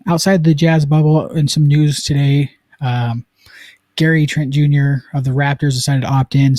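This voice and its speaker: A man from Utah hosting a casual sports live stream, chatty and excitable, with lots of fillers. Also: mid-range voice, no room sound. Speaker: sports podcast host.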